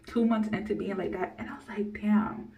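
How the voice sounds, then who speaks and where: A woman's voice: medium pitch, steady tone, fast talker, vocal fry, narrow, tinny audio. A young woman in her early twenties vlogging candidly, rambling and blunt, cursing without a second thought. Her voice sits a touch away from the microphone, so it sounds slightly distant. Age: early 20s. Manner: blunt, rambling, swears freely, laughs often. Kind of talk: candid personal storytelling to camera.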